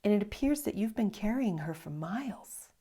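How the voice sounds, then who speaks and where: A woman voicing a calm old abbot. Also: mid-range voice, normal speed, husky, voice pushed up. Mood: serene. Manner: calm, gently matter-of-fact. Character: old male monk, calm wise abbot.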